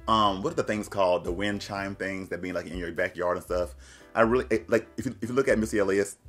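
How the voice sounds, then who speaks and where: A man's voice: low voice, a bit bright. A young man giving casual music reaction commentary, gushing and slangy, breaking into snippets of the songs he plays. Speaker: YouTube reviewer.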